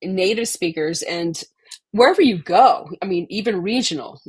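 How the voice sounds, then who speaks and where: A woman from Texas, a podcast guest, talking in a halting way with many pauses and restarts. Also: mid-range voice, animated, slightly rough. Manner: halting, many ums and restarts, laughs often. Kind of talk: casual interview chat.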